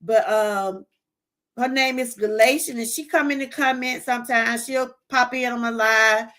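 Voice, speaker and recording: A woman's voice: on the high side, fairly even intonation, measured pace, sharp tone. A middle-aged woman from Georgia, hosting a casual livestream and giving a heartfelt testimony straight to her viewers. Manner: heartfelt, talks straight to viewers, reads out chat. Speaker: livestream host.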